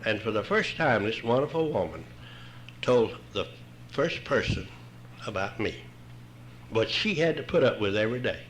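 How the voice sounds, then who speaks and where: A man's voice: on the low side, big pitch swings, moderate pace, long pauses, slight background noise, low-quality recording. An older man, telling his own story at a recovery meeting in a folksy, wry way. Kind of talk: humorous personal storytelling talk.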